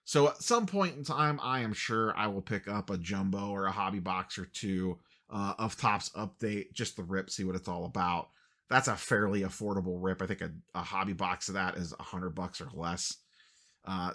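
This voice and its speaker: A man talks through a casual market update with a somewhat low voice that still comes across bright and forceful. His humor is dry and wry, he pokes fun at himself, and he fills his pauses with "uh". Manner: dry, wry self-deprecating delivery with many "uh" fillers. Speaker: sports card channel host.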